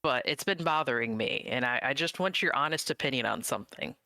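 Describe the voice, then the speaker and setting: A guest in casual conversation, telling a story playfully and excitedly with lots of giggles. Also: mid-range voice, fairly quick, no echo. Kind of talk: casual chat.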